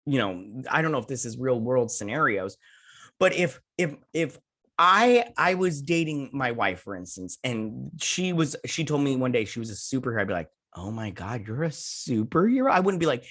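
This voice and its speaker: A man's voice: mid-range voice, fairly bright tone. Rambling man recapping a TV episode. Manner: rambling, retells scenes with "he's like" quotes; self-mocking jokey asides. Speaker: host. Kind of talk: casual episode recap and review.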